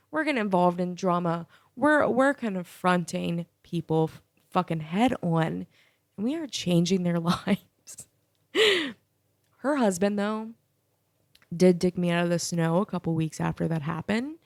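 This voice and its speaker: A woman's voice: fairly low pitch, gravelly, no room sound, clean studio sound. A young woman hosting a solo podcast, telling a profane, sassy story. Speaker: podcast host.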